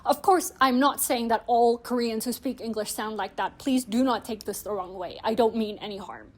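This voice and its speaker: A woman's voice: a little high, normal speed, darkish tone. A young woman hosting a language-learning video, explaining tips in a chatty, friendly way with frequent "like" fillers. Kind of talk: casual explanatory vlog.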